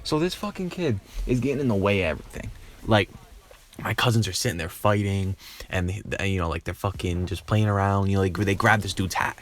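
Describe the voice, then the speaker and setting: A man's voice: low-pitched, animated, a little fast, fairly bright tone, slight background noise. A man telling a rambling, profane story in a casual vlog. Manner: rambling, profane, lots of filler. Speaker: YouTuber.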